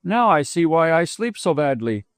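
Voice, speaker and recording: Man playing a formal, courteous young gentleman. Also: on the high side, very animated, moderate pace, no room sound, clean studio sound. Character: polite, proper young gentleman.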